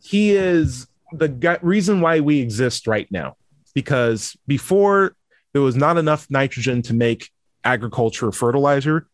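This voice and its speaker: A man hosts a casual panel discussion in an animated, chatty way, full of asides. His voice sits at a middle pitch. The sound is dry and close. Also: unhurried, no echo. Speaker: host.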